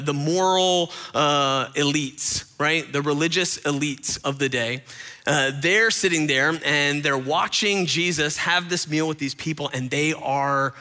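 A male pastor giving a casual, talky sermon. His voice is very bright and sits a little high. He often doubles back on words and speaks straight to the room. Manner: conversational, repeats words, addresses listeners directly.

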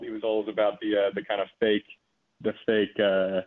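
A man in his twenties, a former pitcher, telling stories in a relaxed way with plenty of fillers. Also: normal speed. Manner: relaxed storytelling, frequent fillers. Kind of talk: casual phone interview. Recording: tinny phone line.

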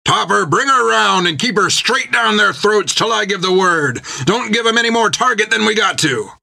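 A man's voice: sits high, expressive, normal speed, creaky, bright, forceful tone, pitched above the performer's own voice, exaggerated voice. A man voicing a bossy male pirate captain who roars his orders. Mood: bellowing orders. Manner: roaring orders.

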